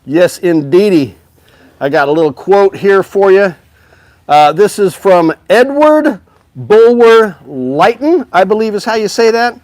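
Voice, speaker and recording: A man's voice: sits high, expressive, measured pace, a little mellow, no echo. A man hosting a live music store stream, chatting upbeat and straight to his viewers about instruments. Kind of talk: casual live-stream sales chat.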